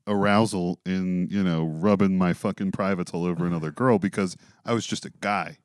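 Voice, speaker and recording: A man's voice: low voice, fairly even intonation, fairly quick, no room sound, clean studio sound. A man co-hosting a podcast in casual, crude banter, laughing often and joking loosely. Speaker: podcast co-host.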